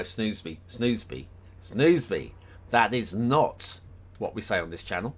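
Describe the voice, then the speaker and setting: A man with a fairly low voice talks loosely on a live stream as he reviews game maps. He thinks out loud, trails off into ums and restarts, and keeps chuckling at himself. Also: lively intonation, measured pace. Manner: rambling, thinks aloud with many ums and restarts; chuckles often, self-deprecating. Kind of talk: casual live-stream chat.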